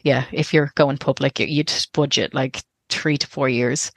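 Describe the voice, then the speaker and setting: A woman's voice: extremely low pitch, fairly even intonation, normal speed, dry recording, studio quality. An Irish woman in her thirties, a guest telling a personal story in a candid, rambling way that often interrupts itself.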